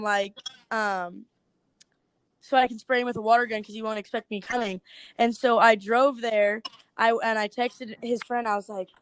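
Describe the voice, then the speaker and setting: A young woman telling prank stories on a podcast, giggling often and acting out her friends' lines. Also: a little high. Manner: giggly, animated storyteller, acts out friends' lines. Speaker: guest TikTok creator. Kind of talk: casual podcast storytelling.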